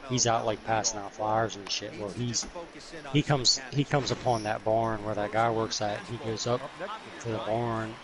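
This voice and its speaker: A man's voice: lowish voice, level tone, moderate pace. Man rambling in slang over game crowd noise. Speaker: gaming video host. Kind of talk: casual chat while playing.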